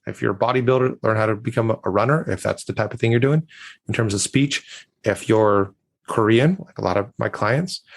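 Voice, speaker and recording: A man from the United States, a communication coach, giving confident, emphatic advice as a guest on a podcast interview. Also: on the low side.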